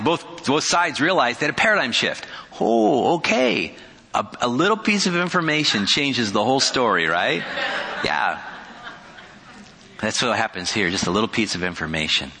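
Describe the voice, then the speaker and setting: A middle-aged man preaching a sermon as a pastor, telling stories in an animated way with chuckling asides. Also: sits low, slightly rough. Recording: long hall reverb.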